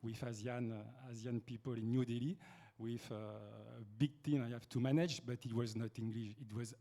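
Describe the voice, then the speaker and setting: Halting man with a French accent. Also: medium pitch, steady tone, gravelly, warm tone. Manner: halting, searching for words in English. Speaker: panel speaker presenting a messaging app. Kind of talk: business panel presentation.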